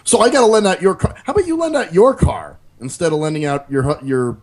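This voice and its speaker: A man's voice: fairly high pitch, animated, fast. A man co-hosting a casual talk show, chiming in with blunt, profane remarks. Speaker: co-host. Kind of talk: casual chat.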